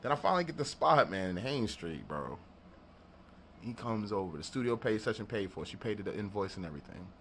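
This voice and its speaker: A man's voice: lowish voice, fairly quick, slight background noise. A man telling a story in a casual vlog, laughing often and acting out people's lines, with plenty of profanity. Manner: animated, laughing, profane storytelling with acted-out quotes. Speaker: beatmaker and studio vlogger.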